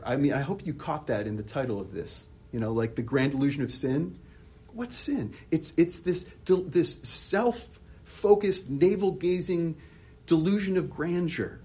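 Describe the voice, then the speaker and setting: Husky, animated male preacher. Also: on the high side. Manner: animated, rhetorical questions, frequent restarts. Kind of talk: expository sermon.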